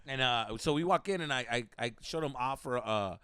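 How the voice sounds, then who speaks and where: A man hosting a podcast, telling stories casually, animated and profane, slipping into Spanish slang. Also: mid-range voice, moderate pace, clear, resonant tone, no room sound. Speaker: podcast host. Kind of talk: casual storytelling.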